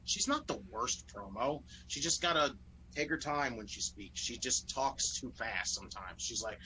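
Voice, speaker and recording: A man talking as a podcast guest in casual chat, relaxed and full of "like" fillers. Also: mid-range voice, normal speed, slight background noise, low-quality recording. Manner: relaxed, filler-heavy, lots of "like".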